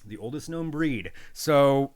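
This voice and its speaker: A man's voice: mid-range voice, animated, slow, darkish tone. A man co-hosting a casual podcast from his spare bedroom, reading random facts with joking asides. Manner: jokey, reads facts aloud with playful asides. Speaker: podcast co-host. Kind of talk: casual chat.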